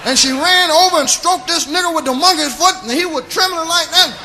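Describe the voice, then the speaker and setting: A man's voice: extremely high pitch, fairly quick, a crowd in the background, background noise. A man telling a raunchy comic story in a sing-song, drawling way, often breaking into laughter.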